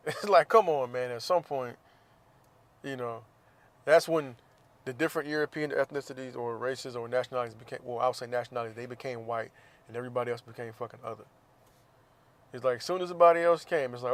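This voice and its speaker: A man's voice: medium pitch, fairly even intonation, fairly quick. A man hosting a podcast, talking in a blunt, profane, casual monologue and laughing between points. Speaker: podcast host.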